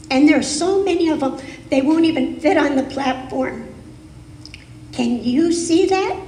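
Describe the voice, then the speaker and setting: Slow, deliberate woman preaching in an echoey hall. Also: high voice, a little mellow, slight background noise. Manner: slow, deliberate, emphatic phrasing. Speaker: guest speaker. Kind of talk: sermon. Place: spiritual center sanctuary. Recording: echoey hall, live stream.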